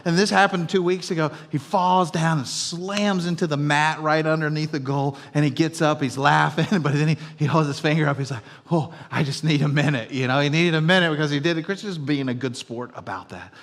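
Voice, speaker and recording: A middle-aged man preaching a sermon as pastor, telling everyday stories in a conversational way and dropping from loud to hushed. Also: on the high side, fairly quick, few pauses. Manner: conversational storytelling, swinging between loud and hushed. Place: church auditorium. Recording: long reverb of a church hall.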